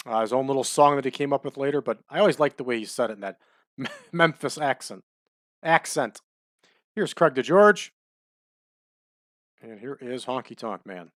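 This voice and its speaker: A man giving relaxed, chatty commentary over a wrestling management game, adding trivia as he goes. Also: mid-range voice, moderate pace, pauses often, no room sound, studio quality. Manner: laid-back, chatty, adds wrestling trivia.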